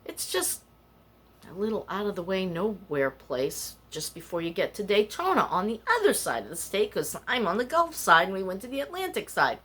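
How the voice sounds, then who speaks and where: A woman's voice: medium pitch, sing-song, moderate pace, fairly bright tone, husky. An older woman hosting a casual podcast, rambling and candid as she tells stories and confides her feelings. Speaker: podcast host. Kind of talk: casual personal chat.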